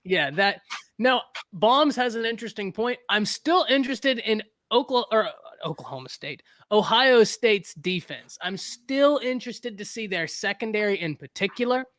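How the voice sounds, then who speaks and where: A man hosting a casual sports talk show, animated and joking, repeating phrases for emphasis. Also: sits high, moderate pace.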